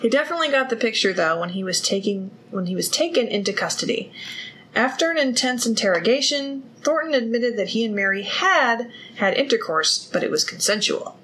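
A podcast host tells a true-crime case casually, reading from her case notes and then riffing with jokes. Her voice is a little high and fairly bright, with lively intonation and a fairly quick pace. The audio is poor, carrying some hiss or hum.

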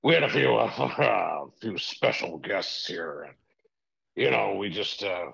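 A man doing an impression of a boastful, sleazy older wrestling boss, rambling and brash with a gravelly voice. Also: on the low side, expressive, a bit bright, lo-fi sound, heavily acted. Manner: brash, rambling with drawn-out filler sounds.

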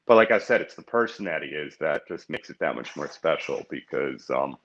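A man's voice: a bass voice, expressive, brisk, fairly bright tone, dull audio. A man in his fifties chatting casually as a podcast guest, rambling and heartfelt, often restarting his sentences. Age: 50s.

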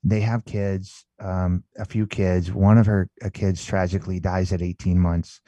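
A man with a deep, mellow voice tells a story as a guest author. He talks emphatically, doubling words and tossing in "right?" and "man". The sound is dry and close. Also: little pitch movement, a little slow, no echo. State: emotional while telling story. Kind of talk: conversational storytelling.

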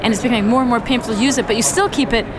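A woman's voice: on the high side, very fast. A woman speaking earnestly as an interview guest, telling stories and restarting phrases as she talks outdoors on a city street. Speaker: interview guest, urban mobility advocate. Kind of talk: conversational interview. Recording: loud traffic noise outdoors.

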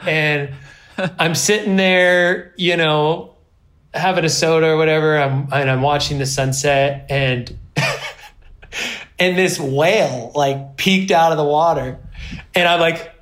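Man telling stories with animated asides. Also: fairly high pitch, slow. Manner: rambling, self-deprecating, animated in quoted asides. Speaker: guest, pro snowboarder. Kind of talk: casual interview storytelling.

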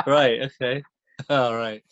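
Man, comedy podcast co-host, joke headlines, mid pitch, dry sound. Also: takes it slowly, dry recording, dull audio. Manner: deadpan puns, chuckling. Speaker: podcast co-host reading news. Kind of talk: casual comedy podcast, jokey news reading.

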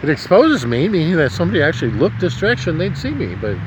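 A man's voice: fairly high pitch, wildly swooping pitch, fast talker, noisy background. A man from Nebraska, tipsy, rambling and swearing in a casual vlog monologue outdoors on a city street at night. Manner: rambling, profane, chuckling. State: drinking, tipsy. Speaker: vlogger.

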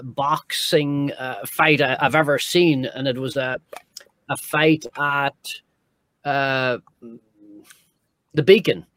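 Man, reflective recollection, halting delivery, dry sound. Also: medium pitch, a bit bright, no room sound. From Ireland. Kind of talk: casual recollection.

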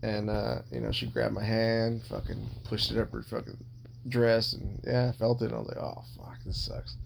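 Gravelly-voiced man rambling, crudely candid. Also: fairly low pitch, flat delivery, moderate pace, slight background noise. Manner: rambling, heavily profane, blunt. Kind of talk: casual confessional storytelling.

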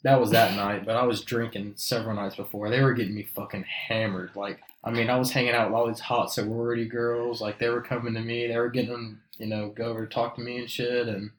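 A man's voice: mid-range voice, level tone, quick pace, hardly any pauses, a little hiss or hum. Laid-back young guy telling stories. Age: young adult. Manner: laid-back, swears, rambling storytelling. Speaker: podcast guest. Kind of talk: casual podcast chat. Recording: echoey room.

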